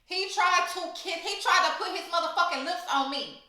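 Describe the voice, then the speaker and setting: Young woman, louisiana accent, bright forceful voice, animated cussing storyteller, echoey room. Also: very high voice, a little fast. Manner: animated, profane, emphatic storytelling. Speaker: storytime vlogger. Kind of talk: casual storytelling vlog.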